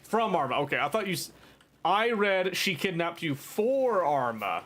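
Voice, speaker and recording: Man, game streamer, casual chat, teasing, mock-dramatic, very animated pitch. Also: normal speed. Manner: rambling, talks to chat. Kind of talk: casual live-stream chat while gaming.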